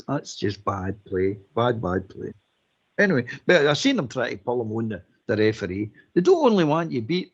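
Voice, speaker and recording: A man rants bluntly on a football phone-in, hammering his points with repetition. His voice is gravelly and husky and swings lively in pitch. The line sounds dull and lo-fi. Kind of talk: casual football phone-in chat.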